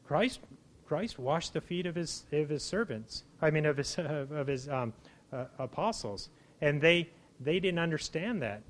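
A man preaching to his congregation in a loose, conversational way, often restarting his sentences. He bursts into lively exclamations now and then, and his voice sits a little above the usual male range. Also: a little high, measured pace. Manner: conversational, repeats words and restarts, animated exclamations. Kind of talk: informal sermon.

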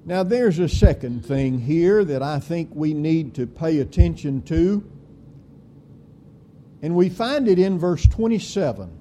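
A man preaching a sermon, with slow, deliberate delivery and emphatic swings in pitch and volume. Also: lively intonation, dark tone, a little hiss or hum.

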